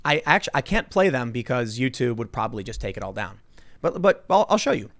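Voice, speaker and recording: A man hosting a political talk show, animated and chatty, acting out quotes in mocking voices. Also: medium pitch, brisk, vocal fry. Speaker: podcast host.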